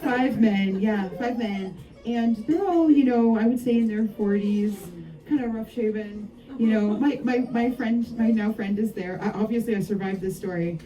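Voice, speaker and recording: Woman novelist, dark mellow voice, distant mic. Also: fairly high pitch, normal speed. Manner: lively anecdotal, frequent laughs and asides. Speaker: novelist discussing her book. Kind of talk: storytelling talk at a book event. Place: bookshop event.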